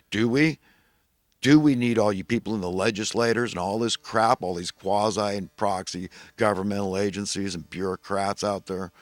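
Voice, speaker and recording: A man's voice: on the low side, normal speed, dry recording. A man delivering a rambling, indignant monologue that turns preachy as he goes. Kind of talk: ranting monologue.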